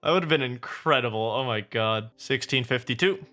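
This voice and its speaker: A young man giving chatty, excitable gameplay commentary to his viewers as a video creator. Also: medium pitch, moderate pace, hardly any pauses, soft background music.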